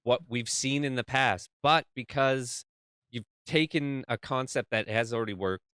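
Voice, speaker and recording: Animated male podcast co-host, smooth voice. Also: medium pitch, a little slow, no room sound, clean studio sound. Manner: animated, acts out crowd reactions. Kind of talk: casual podcast chat.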